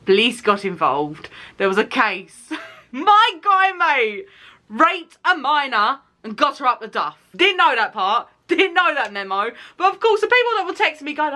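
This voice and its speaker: Lively British woman telling a story. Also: high-pitched, moderate pace. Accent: British English. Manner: animated, dramatic, laughing, swearing storyteller. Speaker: YouTuber. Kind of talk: storytime vlog.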